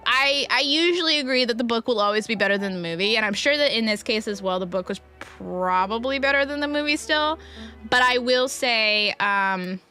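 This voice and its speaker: A woman's voice: fairly high pitch, bright, forceful tone. A woman streamer chatting casually to her chat while she plays, rambling and restarting her sentences.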